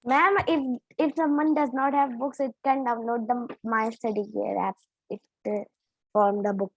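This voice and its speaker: A female student answers her teacher on a video call, her high voice polite and eager. She explains in halting, restarting phrases. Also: fairly even intonation, dry recording, rough recording. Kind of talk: answering in online class.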